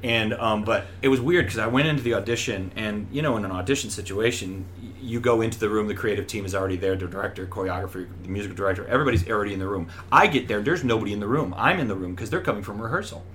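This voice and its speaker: A man's voice: very fast, hardly any pauses, slight background noise. A middle-aged man, a stage actor, chatting in an interview and acting out the voices of people in his stories. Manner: animated storyteller who acts out voices with big pitch jumps. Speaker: Broadway actor, guest. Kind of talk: casual interview chat.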